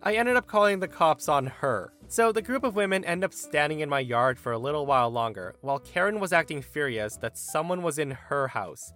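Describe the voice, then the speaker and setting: Animated young man telling a story. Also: fairly quick, few pauses, soft background music. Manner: lively, acts out quoted lines with raised pitch. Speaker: narrator reading a Reddit story. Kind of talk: expressive storytelling narration.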